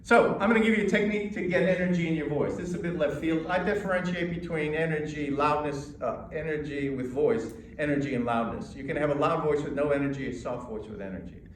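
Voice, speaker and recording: An American man coaching an audience on presenting, emphatic and measured, pausing between points. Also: on the high side, recorded from a distance, a little hiss or hum. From United States. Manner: emphatic, with pauses and demonstrations. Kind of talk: lecture to a live audience. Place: lecture hall. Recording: echoey hall recorded from afar.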